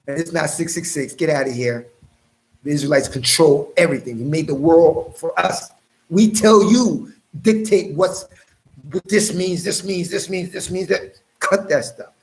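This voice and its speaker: A man's voice: on the high side, poor audio. Emphatic preacher man reading scripture. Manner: emphatic, slows down to stress key phrases, talks straight to listeners.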